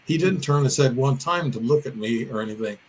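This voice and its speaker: Animated and brisk, this older Illinois man uses a medium-pitched, darkish voice to tell a podcast audience about a personal encounter. He meanders through the details and corrects himself, and the rough recording has a slight hiss or hum.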